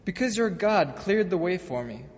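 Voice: mid-range voice, lively intonation, normal speed, natural voice. A scripture reader voicing Jacob, a scheming younger son, read in a plain, earnest way. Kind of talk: dramatic scripture reading. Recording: reverberant church hall.

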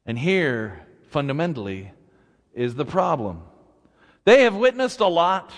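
A man preaching slowly and deliberately, mixing careful teaching with casual, chatty asides. His voice has an even middle pitch and carries a long reverb from the church sanctuary around him. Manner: slow, conversational preaching with asides. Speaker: pastor. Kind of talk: sermon.

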